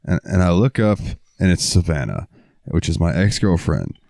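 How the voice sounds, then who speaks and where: Young male podcast host, casual profane storyteller, low-ish, dry close sound. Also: very animated, normal speed, gravelly, darkish tone, dry recording. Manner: rambling, profane, lots of fillers.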